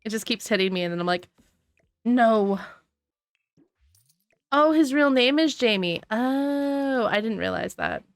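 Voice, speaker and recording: Sniffly and sleepy, a woman yawns through casual gameplay commentary, responding to her chat. Her voice is a little high and expressive, moving at a moderate pace with hardly any pauses, recorded on a desk microphone with no room sound.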